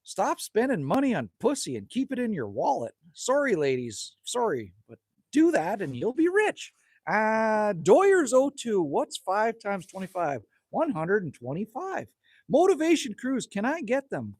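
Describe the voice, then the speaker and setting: A middle-aged man with a high, slightly husky voice hosts a live stream from a campfire outdoors. He talks bluntly and jokes with viewers, his pitch leaping up and down. The sound is close and dry. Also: huge pitch swings, measured pace, a little mellow, no room sound. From Northwest Territories, Canada. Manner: chatty, blunt, joking with viewers. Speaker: livestream host reading chat. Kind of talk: casual live stream chat.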